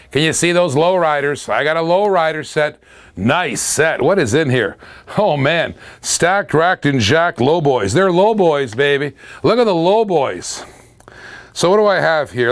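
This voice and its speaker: A middle-aged man running a live online auction in an upbeat, chatty patter. His voice sits a touch high for a man, and he keeps the energy up by hyping each item and filling the gaps with hummed scat tunes. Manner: upbeat, hypes items, hums and scats between lots.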